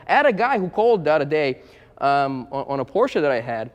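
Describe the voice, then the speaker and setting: A man's voice: a little high, sing-song, fairly quick, in a large hall. A man who runs a used car business, talking frankly and bluntly to the camera in a casual vlog and repeating himself as he goes.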